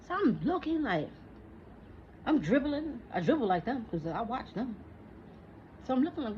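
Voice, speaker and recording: A woman's voice: a little high, big pitch swings, moderate pace, long pauses. A woman in her forties ranting in a casual monologue, profane and heated, talking back at an imagined listener. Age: 40s. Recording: dull lo-fi recording with faint noise.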